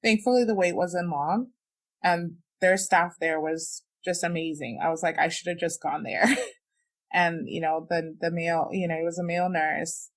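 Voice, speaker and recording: A woman's voice: lowish voice, steady tone, normal speed. A young woman, a podcast guest, frankly and emotionally recounting a personal experience, with many "like"s and "you know"s. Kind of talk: candid personal storytelling.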